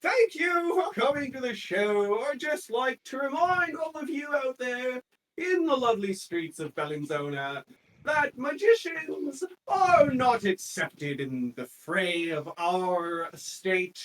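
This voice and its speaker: A game master voicing a brash male stand-up comedian in a tabletop game, telling crude jokes loudly and stretching out the punchlines. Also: sits high, big pitch swings, pitched above the performer's own voice, exaggerated voice. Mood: shouting. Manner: loud crude joke-telling, drawn-out punchlines. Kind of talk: tabletop game role-play. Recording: distant mic, faint noise.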